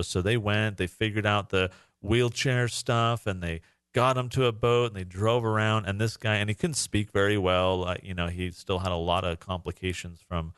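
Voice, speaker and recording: A man's voice: sits low, fairly bright tone, no room sound, studio quality. A man, a parent, co-hosting a podcast, telling a story in a casual, earnest and emotional way with many fillers. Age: adult parent. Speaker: podcast co-host.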